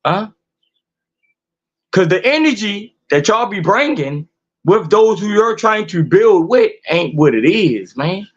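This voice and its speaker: High-voiced man ranting in heated slang. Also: sing-song, slow pace, slightly rough, lo-fi sound. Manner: profane, confrontational, repeating rhetorical questions. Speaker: podcast host.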